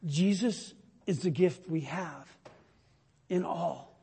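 Slow, husky-voiced male preacher in a reverberant hall. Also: fairly high pitch. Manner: slow, emphatic preaching that swells loud then drops to a hush. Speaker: pastor. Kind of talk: sermon.

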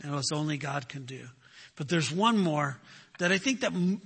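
A man's voice: on the high side, lively intonation, normal speed, fairly bright tone, husky, long reverb tail. A man preaching a sermon, emphatic, asking rhetorical questions and answering them himself. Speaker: pastor.

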